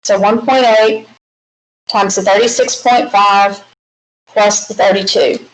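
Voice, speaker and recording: A woman's voice: mid-range voice, steady tone, slow pace. A woman with a Southern US accent teaching a math lecture, walking through problems step by step with chatty, folksy asides. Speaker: math instructor. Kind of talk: recorded classroom lecture. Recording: echoey classroom with faint hiss.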